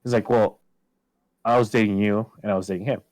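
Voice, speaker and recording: In a relaxed podcast conversation, a man with a fairly low voice tells a long story about his own life at a fairly quick pace. He curses freely, and his pitch leaps up whenever he quotes himself. The recording is rough, close, and dry, with no room sound at all.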